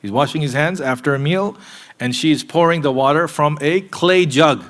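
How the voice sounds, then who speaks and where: A man preaching a sermon in a mosque, earnest and direct with his listeners, moving between emphatic points and hushed asides. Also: fairly high pitch, normal speed. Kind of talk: sermon to a live congregation.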